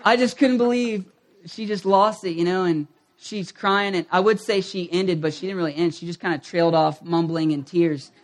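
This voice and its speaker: High voiced guy preaching, middle aged, tells his story and does everyone's voices. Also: moderate pace. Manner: animated, acts out quoted voices. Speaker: pastor. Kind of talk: sermon storytelling.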